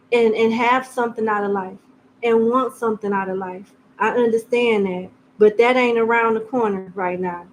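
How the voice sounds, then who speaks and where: A woman's voice: fairly high pitch, a little hiss or hum, low-quality recording. A woman giving a casual tarot reading in a blunt, joking, slangy way. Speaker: tarot reader.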